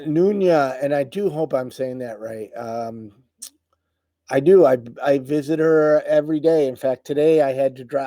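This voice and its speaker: A middle-aged man hosting a casual livestream, greeting viewers and talking haltingly with many pauses, tired and emotional. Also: mid-range voice, warm tone, no room sound. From United States. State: tired, voice wearing out. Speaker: livestream host. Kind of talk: casual live chat reading viewer comments.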